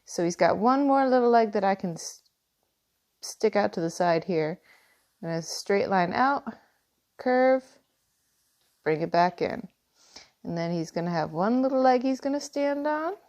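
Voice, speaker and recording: A woman teaching a step-by-step cartoon drawing lesson, gently guiding through each line. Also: mid-range voice, expressive, unhurried, long pauses. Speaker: art teacher. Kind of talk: drawing tutorial.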